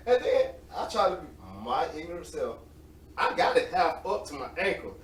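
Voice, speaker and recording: A man in his late twenties, an interview guest, telling animated, slangy stories and laughing often. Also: a little high, brisk. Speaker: interview guest, semi-pro football player. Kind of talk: casual storytelling. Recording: roomy, distant mic with faint noise.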